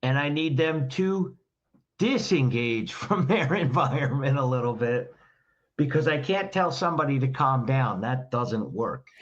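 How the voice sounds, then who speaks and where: A man talks through his ideas in a direct, teacherly way, stacking up rhetorical questions as he goes. His voice sits at an ordinary pitch, and the recording sounds dull and a little lo-fi. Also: animated, unhurried. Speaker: communication trainer, guest. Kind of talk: explanatory podcast conversation.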